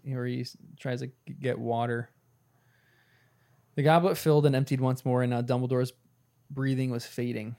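Gravelly man chatting about a book. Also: mid-range voice, dark tone. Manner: loose and chatty, reads passages aloud. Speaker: podcast co-host. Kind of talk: casual book discussion.

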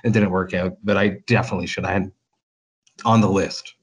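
Low-voiced enthusiastic metal singer man. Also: steady tone, brisk, breathy edge. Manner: enthusiastic, rambling with restarts. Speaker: metal vocalist guest. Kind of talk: casual interview chat.

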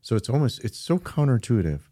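A man's voice: medium pitch, sing-song, fast, warm tone, breathy edge, dry recording, studio quality. A man who co-hosts a church podcast as a pastor, speaking earnestly and adding emphasis to key points in casual conversation.

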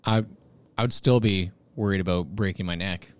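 A young man in casual chat, relaxed and swearing freely, laughing often as he tells a story. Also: low voice, normal speed, clear, resonant tone.

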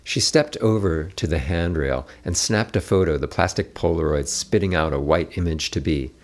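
A man reading a novel aloud in a steady, measured narration. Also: low voice. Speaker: audiobook narrator. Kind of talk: scripted narration.

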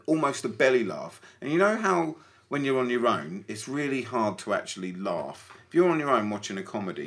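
Man, casual podcast chat, animated, lots of restarts, very lively pitch, bright forceful tone. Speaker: podcast co-host.

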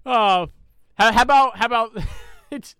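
A man's voice: extremely high pitch, measured pace, pushed and bright, clear, resonant tone, no room sound. A young man co-hosting a podcast, telling a casual anecdote with lots of swearing and laughter. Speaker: podcast co-host. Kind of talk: casual chat, storytelling.

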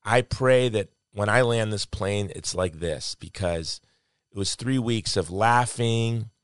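A man's voice: lowish voice, slow pace, smooth, dry recording. A man telling a personal story in conversation, in an earnest, reflective way with heartfelt emphasis. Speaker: guest.

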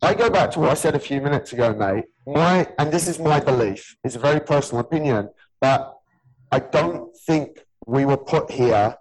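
A man's voice: a little high, animated, normal speed, low-quality recording. Man, early forties, gym owner, blunt and earnest, swears a lot, casual podcast chat. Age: 40s. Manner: blunt, earnest, swears freely, says "mate" often. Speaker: gym owner and personal trainer, podcast host.

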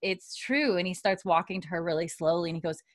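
A woman's voice: on the low side, fairly quick, no room sound. A woman on a casual podcast, recapping a TV episode scene by scene, quoting the characters and laughing often. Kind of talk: animated casual storytelling with quoted dialogue.

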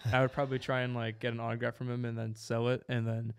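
Animated man who laughs a lot. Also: medium pitch, fast talker, clear, resonant tone. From New Jersey. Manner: animated, laughs often, rambling. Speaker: podcast host. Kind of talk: casual podcast chat.

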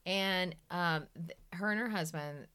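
A woman's voice: lowish voice, unhurried, sharp tone, clean tone. A young woman co-hosting a podcast in a casual, chatty and playful way. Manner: chatty, playful, quotes others. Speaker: podcast co-host. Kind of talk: casual chat.

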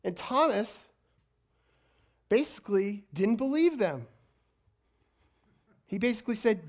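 A woman preaching a sermon in an energetic way, often stumbling and repeating words as she goes. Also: medium pitch, takes it slowly, long pauses.

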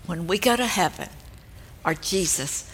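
Gentle older woman, bright tone, echoing hall. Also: on the low side, expressive, husky. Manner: slow, gentle, earnest delivery. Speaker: speaker at a women's ministry event. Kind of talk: devotional teaching talk. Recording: long hall reverb.

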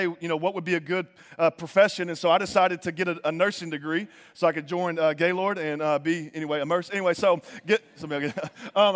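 A man preaching a sermon in a conversational, animated way, acting out quoted voices. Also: high voice. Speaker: pastor. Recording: long reverb of a large hall.

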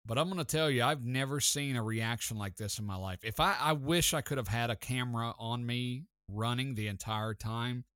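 A man hosting a sports talk show, telling stories in an excited, chatty way. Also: medium pitch, moderate pace, hardly any pauses, no echo, studio quality. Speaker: sports podcast host. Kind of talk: casual sports talk storytelling.

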